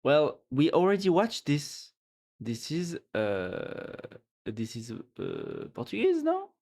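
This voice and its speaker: A man from France with a French accent, streaming and chatting casually in English, playful and quick to laugh, often trailing off and restarting. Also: a little high, wildly swooping pitch, gravelly, a little mellow. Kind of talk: casual live-stream chat.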